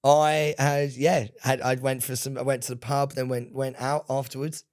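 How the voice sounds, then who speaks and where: A man's voice: mid-range voice, flat delivery, moderate pace, darkish tone. A man co-hosting a podcast, telling a rambling story in casual chat, laughing and swearing often. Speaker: podcast co-host.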